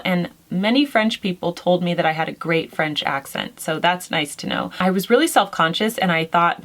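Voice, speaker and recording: Relaxed woman, thirties, slightly low voice, friendly, chatty question-and-answer host, light laughs. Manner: gentle, chatty, frequent soft laughs and fillers. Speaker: lifestyle vlogger answering viewer questions. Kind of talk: casual chat.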